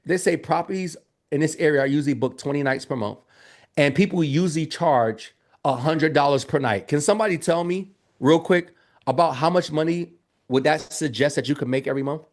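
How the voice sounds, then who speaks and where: Male business trainer, lively and joking, fairly high voice, chatty live workshop delivery. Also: brisk. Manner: energetic, joking, addresses audience as y'all.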